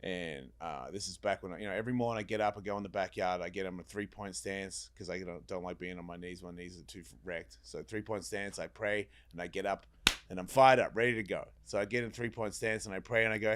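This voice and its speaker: A deep-voiced, fast-talking podcast guest tells a long personal story in casual chat. Animated, he swears freely and acts out the voices of the people in it.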